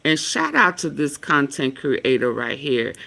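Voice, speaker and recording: Brief: woman commentary vlogger, unhurried and earnest, with a crisp bright tone. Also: a bass voice, big pitch swings. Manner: slow, earnest, rambling with fillers. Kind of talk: casual commentary.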